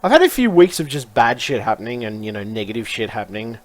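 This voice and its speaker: A man's voice: medium pitch, big pitch swings, fast, no room sound. A man vlogging in a rambling, frustrated way, swearing often and circling back on his words. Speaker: YouTuber. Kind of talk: casual rambling vlog.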